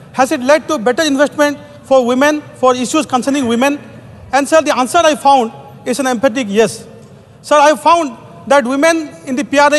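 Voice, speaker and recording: Brief: Indian-accented male legislator, high voice, formal, long chamber echo. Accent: Indian English. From Odisha, India. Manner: formal, peppers every phrase with "sir". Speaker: member of parliament. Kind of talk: parliamentary speech. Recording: long reverb of a large chamber.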